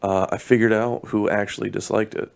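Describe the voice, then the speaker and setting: A man's voice: lowish voice, little pitch movement, a little fast, gravelly. A young man co-hosting a podcast, talking bluntly and crudely in a wry, casual chat. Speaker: podcast co-host.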